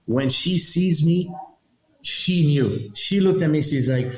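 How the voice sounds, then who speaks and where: A man being interviewed, telling a story with lots of energy and acting out the other people in it with raised voices. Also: normal speed. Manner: lively, acts out the people in his story with high voices. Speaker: retired federal agent, guest. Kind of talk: animated storytelling in a podcast interview. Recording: roomy, slightly dull sound.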